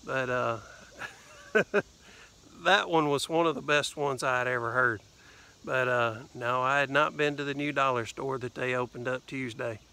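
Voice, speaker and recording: A man's voice: mid-range voice, fairly even intonation, moderate pace, creaky, bright, forceful tone. A man with a Southern US accent telling a rambling, casual story in his vlog, with lots of fillers and "anyway.". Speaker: vlogger.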